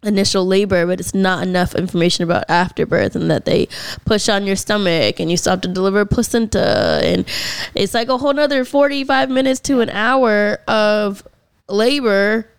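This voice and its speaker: A young woman talks casually and animatedly, acting out what she said at the time. Her voice is smooth and clear. The sound is dry and close. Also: medium pitch, normal speed, no room sound. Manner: animated storyteller, acts out her own past lines. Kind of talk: casual chat.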